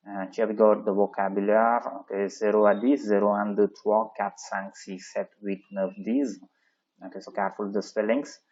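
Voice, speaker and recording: A man's voice: lowish voice, darkish tone. A man teaching a French textbook lesson, explaining in with many "okay, so" fillers and reading French phrases aloud. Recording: dull lo-fi sound.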